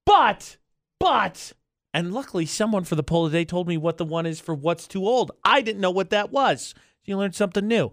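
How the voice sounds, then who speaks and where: A man's voice: high-pitched, brisk, dry recording. A man in his thirties co-hosting a morning radio show, bantering in a jokey, rambling, playfully indignant way from a radio studio. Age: 30s.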